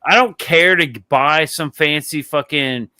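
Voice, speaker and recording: A man's voice: fairly high pitch, measured pace, sharp tone, smooth, no echo, studio quality. A man hosting a casual podcast chat, telling rambling stories full of swearing and laughter. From Texas. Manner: rambling, profane storytelling with frequent laughs. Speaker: podcast host.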